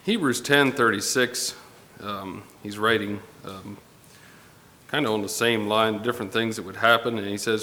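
A man preaching a Sunday morning sermon to his congregation, unhurried and pausing often with fillers. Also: lowish voice, steady tone, bright, forceful tone. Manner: unhurried, pausing with fillers, reading scripture aloud. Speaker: pastor. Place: church sanctuary. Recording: long hall reverb with faint ambience.

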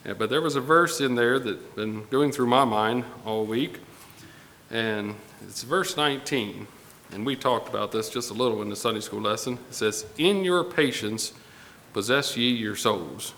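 A man preaching a Sunday morning sermon to his congregation, unhurried and pausing often with fillers. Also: medium pitch, a bit bright, slight background noise. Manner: unhurried, pausing with fillers, reading scripture aloud. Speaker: pastor. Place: church sanctuary. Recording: long hall reverb with faint ambience.

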